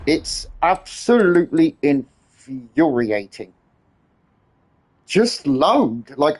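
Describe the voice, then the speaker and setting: A man's voice: on the high side, breathy edge. A man ranting and swearing nonstop as he streams a game. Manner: exasperated ranting, heavy swearing. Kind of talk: livestream gaming commentary.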